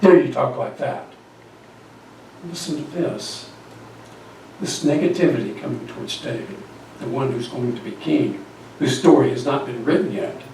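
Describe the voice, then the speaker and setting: A man's voice: medium pitch, normal speed, a little mellow, slight background noise. A man preaching a sermon, telling a story and asking the congregation questions. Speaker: pastor. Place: church sanctuary. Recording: echoey church hall from far off.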